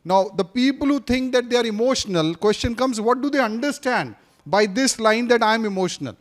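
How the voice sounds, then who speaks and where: Very high-pitched, animated and brisk, a man teaches a live class in a classroom as a speaking coach. His interactive lecture has him quizzing students, repeating his points, and briefly switching into Hindi.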